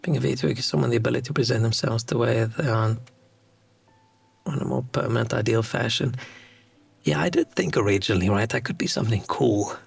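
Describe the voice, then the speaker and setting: A man's voice: medium pitch, brisk, creaky, slightly rough, dry recording. A South African man, native Afrikaans speaker, chatting casually on a game stream and rambling as he thinks aloud. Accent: South African English.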